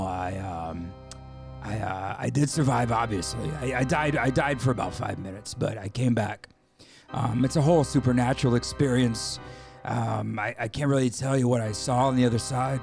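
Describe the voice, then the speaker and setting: A man playing a boastful werewolf with a growling, gravelly voice who drawls and calls people baby, in an improvised radio comedy. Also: medium pitch, normal speed, a little mellow, lightly acted. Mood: rambling. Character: boastful male werewolf, laid-back 1970s hipster. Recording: music playing behind. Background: music.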